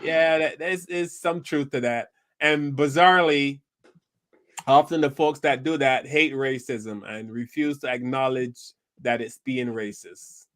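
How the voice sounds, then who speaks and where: A man hosting a casual talk show, relaxed and easy, reading out viewer comments. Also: mid-range voice, a little slow. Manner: relaxed, laughs easily, reads comments aloud. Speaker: show host. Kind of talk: casual panel chat.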